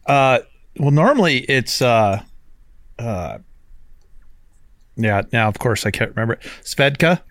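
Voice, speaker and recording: A man's voice: medium pitch, expressive, a little slow, pauses often, fairly bright tone, dry recording. An easygoing man with a mid-range voice chats on a podcast over drinks and jokes about himself. His voice sounds close and dry, with no room in it. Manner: easygoing and joking, self-deprecating. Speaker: military veteran podcast co-host.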